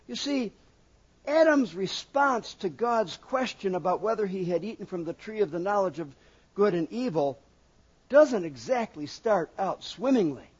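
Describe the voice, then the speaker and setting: A man preaching a sermon in an animated way, acting out quoted voices and asking the congregation questions. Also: high voice, unhurried, husky. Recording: dull lo-fi recording.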